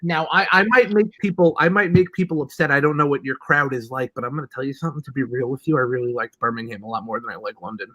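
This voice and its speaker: A man's voice: mid-range voice, fairly even intonation, fast talker, few pauses, pushed and bright, no echo, low-quality recording. A man with a New York accent, hosting a casual chat and telling rambling stories with lots of restarts. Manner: rambling, chatty storyteller with many restarts. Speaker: host.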